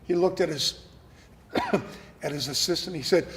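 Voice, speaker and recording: A man being interviewed as an actor guest, telling animated stories and often repeating words as he starts a sentence. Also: fairly high pitch, a little slow, creaky, in a large hall. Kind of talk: casual interview chat.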